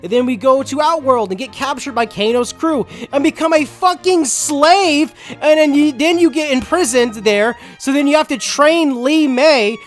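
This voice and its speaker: A man's voice: very high-pitched, normal speed, few pauses, faint music behind. A man giving a casual, sarcastic, profanity-laced recap of a game story as a reviewer.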